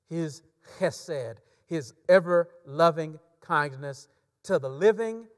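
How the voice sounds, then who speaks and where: A preacher voicing a grieving widow turning to faith. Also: male voice, on the high side, voice pushed down. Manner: quiet, slow, resolved. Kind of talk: sermon. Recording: long church reverb.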